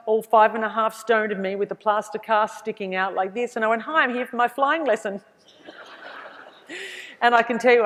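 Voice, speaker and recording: A middle-aged Australian woman tells her story to a large hall in an animated, expressive way, acting out each voice. Her voice is mid-pitched and carries a long reverb from the room. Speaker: keynote speaker. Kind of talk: inspirational keynote storytelling.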